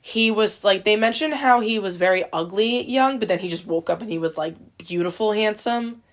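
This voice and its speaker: A woman's voice: medium pitch, moderate pace. A woman co-hosting a podcast in casual chat, talking chattily and filling her sentences with "like". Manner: chatty, heavy use of "like". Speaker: podcast co-host. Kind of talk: casual chat about a video game.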